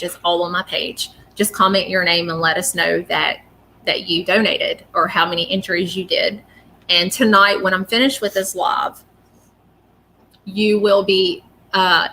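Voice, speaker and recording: A woman's voice: on the low side, bright, forceful tone, a little hiss or hum. A woman talking casually and emotionally on a live stream, apologetic and rambling as a psychic reader.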